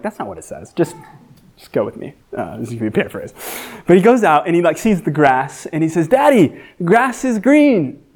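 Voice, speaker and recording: A man giving a sermon as guest teacher, earnest, rising high and loud for emphasis and dropping soft when reflective. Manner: frequent fillers and restarts.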